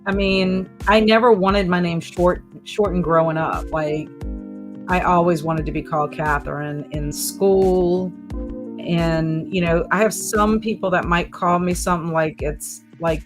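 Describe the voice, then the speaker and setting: A woman hosting a relaxed live stream, chatting in a rambling way and reading out viewer comments. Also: lowish voice, unhurried. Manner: rambling, chatty, lots of fillers. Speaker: livestream host reading chat comments. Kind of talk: casual chat. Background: soft background music.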